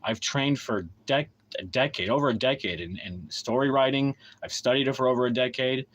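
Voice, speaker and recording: A man speaking straight into his camera on a livestream, blunt and heavily profane as he rants. He hammers his points with rapid repeated questions, then eases into a looser, talky monologue. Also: mid-range voice, a bit bright, low-quality recording. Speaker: independent writer and streamer. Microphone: camera mic.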